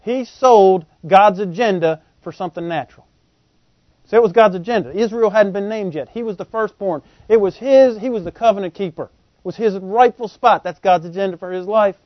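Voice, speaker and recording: A man preaches with a high, lively voice, swinging from quiet asides to loud bursts as he acts out the people in his stories. The recording is close and dry, with a dull, lo-fi podcast sound. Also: normal speed, no echo. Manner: animated, folksy, acts out voices in quotes. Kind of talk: sermon.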